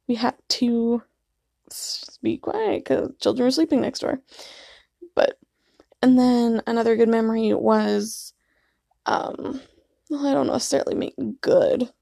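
A woman's voice: high voice, vocal fry, mellow, no echo, clean studio sound. A woman in her twenties casually telling rambling, self-deprecating stories to camera, with plenty of fillers. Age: 20s. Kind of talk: casual vlog storytelling.

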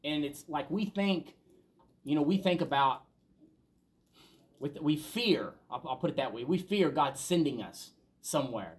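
A man's voice: on the high side, big pitch swings, normal speed. A man preaching a sermon as a pastor, talking conversationally and telling stories, building to emphatic peaks.

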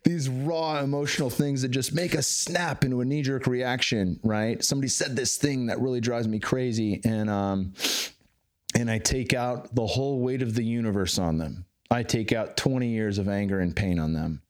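A man in his thirties talking candidly as a podcast guest, swearing freely and getting animated. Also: medium pitch, normal speed. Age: 30s. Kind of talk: casual interview conversation.

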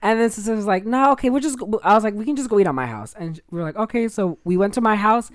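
A woman's voice: medium pitch, expressive, very fast, no echo. A young woman, co-hosting a casual chat and telling a swear-filled story while acting out the quotes. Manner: profane, storytelling, acts out quotes. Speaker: podcast co-host.

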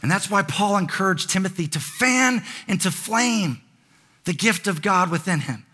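Man, pastor, sermon, conversational, emphatic, high-pitched. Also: animated, moderate pace, bright, forceful tone. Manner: conversational, builds to emphatic repeated lines.

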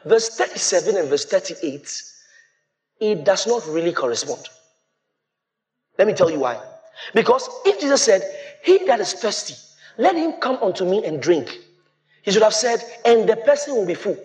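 A man preaching a sermon as pastor, quoting scripture and breaking into shouts. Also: high-pitched, very animated, normal speed, pauses often.

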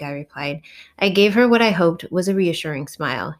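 Audiobook narrator: woman with a lowish voice, measured and expressive first-person reading.

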